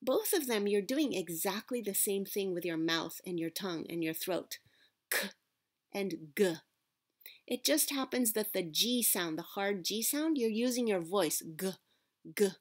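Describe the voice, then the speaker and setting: A woman teaching Japanese pronunciation in a patient, deliberate classroom manner, modelling sounds for her students. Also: medium pitch, animated. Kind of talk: classroom-style lesson.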